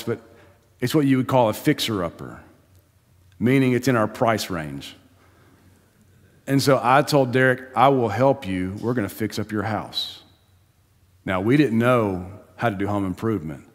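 A pastor giving a sermon in a conversational, storytelling manner, laughing and building emphasis as he goes. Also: mid-range voice. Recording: long hall reverb in church.

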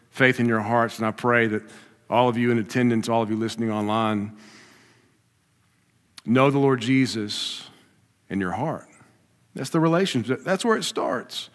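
A man preaching a sermon to a congregation, animated, swinging from loud emphatic lines to low asides. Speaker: pastor. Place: church sanctuary with a congregation. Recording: reverberant hall.

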